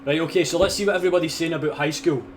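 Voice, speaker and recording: A man's voice: fairly high pitch, fairly even intonation, racing, a little hiss or hum. A young Scottish man hosting a live stream, chatting casually, swearing freely and reading out donations. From Scotland. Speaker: livestream host.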